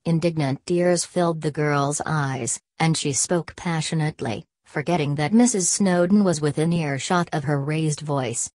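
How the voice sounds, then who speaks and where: A woman narrating a classic ghost story in a steady, even reading. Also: deep voice, normal speed, hardly any pauses, no room sound.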